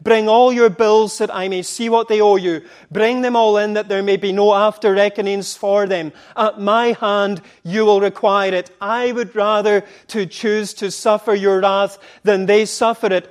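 A man preaching a sermon, retelling scripture as dramatic dialogue, at times impassioned and at times dropping to a hush. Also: high voice, level tone, a little slow, hardly any pauses.

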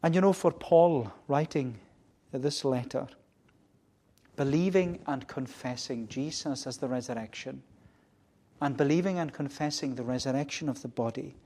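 A man preaching a sermon, repeating key phrases and swinging between quiet, low passages and loud, emphatic ones. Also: normal speed.

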